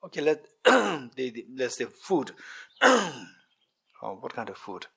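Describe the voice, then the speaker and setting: A man's voice: medium pitch, takes it slowly, vocal fry, husky. A middle-aged man, a Buddhist teacher giving a dharma talk to a retreat group, repeating his points and asking the audience questions. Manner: repetitive, questioning the audience, animated with gestures. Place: meditation centre hall.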